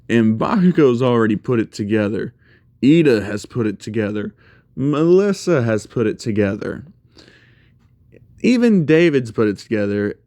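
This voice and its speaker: A man's voice: mid-range voice, darkish tone, no echo, clean studio sound. A man casually telling a fan story aloud, with many fillers and restarts.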